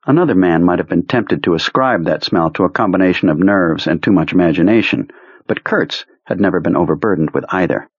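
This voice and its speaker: A man narrates a novel in a measured, even way. His voice is very low and husky. The recording is dry and dull, like lo-fi tape. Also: no echo. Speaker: audiobook narrator. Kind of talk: scripted narration.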